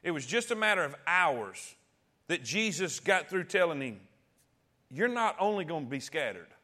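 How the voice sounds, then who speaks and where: A man's voice: on the high side, big pitch swings, normal speed, pushed and bright. A man preaching a sermon as pastor, calling out to the congregation and repeating key phrases.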